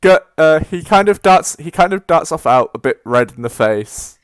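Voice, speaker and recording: A man's voice: fairly high pitch, lively intonation, clear, resonant tone, no room sound, studio quality. A man, narrating a tabletop game as game master, stopping and restarting often. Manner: halting, many fillers and restarts.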